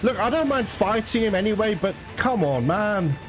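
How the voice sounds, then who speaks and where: A man doing let's play commentary as host, excitable, swearing and laughing at the game. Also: high voice, moderate pace. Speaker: gaming channel host. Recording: game music behind the voice.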